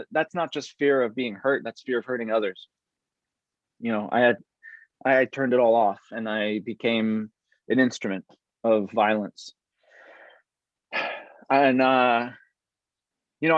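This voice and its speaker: A male military veteran speaks as an interview guest, reflective and halting, often restarting his sentences. His middle-pitched voice comes through a video call with dry, slightly dull sound. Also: no echo. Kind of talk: earnest conversational interview.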